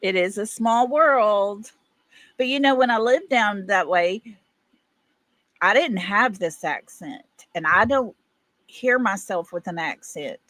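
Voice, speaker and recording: Chatty East Texas woman, slow and lively. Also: medium pitch, no echo. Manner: chatty, folksy, laughs often. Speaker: livestream host. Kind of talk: casual chat reading viewer comments.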